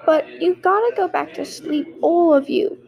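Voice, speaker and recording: A woman's voice: very high-pitched, measured pace, creaky, dull audio, heavily acted. A woman voicing a tough, smart orphan girl who leads the others and gives orders. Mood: commanding. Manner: commanding.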